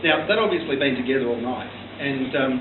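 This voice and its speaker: A man's voice: medium pitch, animated, quick pace, reverberant. A man from South Australia with an Australian accent doing his first stand-up set, full of ums and restarts, telling dry stories. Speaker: first-time stand-up comedian. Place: small comedy bar stage. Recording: tinny distant room recording with hum.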